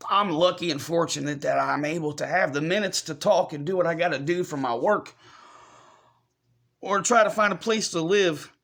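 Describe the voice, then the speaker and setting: Fighting back tears, this vlogger stumbles through an emotional update for his audience, apologizing and going over the same points again. His voice is fairly high and a little bright, with noticeable vocal fry.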